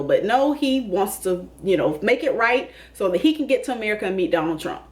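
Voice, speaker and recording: A woman's voice: mid-range voice, big pitch swings, a little fast, darkish tone. A woman hosting a casual comedic TV recap, sassy, calling people honey and baby and laughing often. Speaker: YouTube TV recap host.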